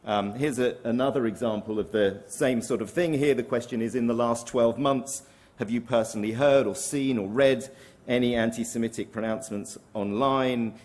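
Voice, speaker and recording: Measured man presenting data. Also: medium pitch, darkish tone. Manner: measured, careful, with ums and restarts. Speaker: conference speaker. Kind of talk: presenting survey findings. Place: conference hall.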